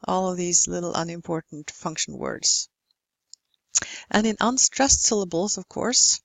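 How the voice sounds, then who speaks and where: A Norwegian woman teaching English pronunciation in a slow, careful way, working through example word lists one at a time. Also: medium pitch, expressive, creaky, dry recording. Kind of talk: recorded phonetics lesson.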